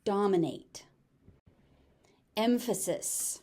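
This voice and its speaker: A woman with a General American accent teaching pronunciation, repeating each word slowly and deliberately. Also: mid-range voice, lively intonation, dark tone. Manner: slow, deliberate word drilling with repeated examples. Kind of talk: pronunciation lesson.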